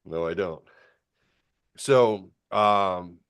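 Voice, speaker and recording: Deep guy in his 50s rambling thru a story, lots of restarts, pops into a higher voice for quotes. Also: very slow, a bit bright, clear, resonant tone. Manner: acts out quoted people in a raised voice. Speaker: host. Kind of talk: casual chat.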